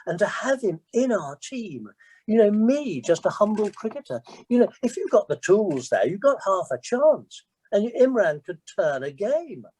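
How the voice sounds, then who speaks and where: A man's voice: sing-song, moderate pace, darkish tone, slightly rough, poor audio. A former cricket captain in his sixties, guest of an online Q&A, telling self-deprecating anecdotes in a chatty, storytelling manner over a video call. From England. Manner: self-deprecating, chatty, jumps in pitch when quoting others.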